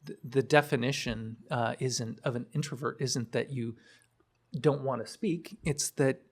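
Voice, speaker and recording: A man's voice: medium pitch, measured pace, slightly rough. A man who leads groups, speaking as a podcast guest. He explains his points in a thoughtful way, often restarting his sentences. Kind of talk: reflective podcast talk.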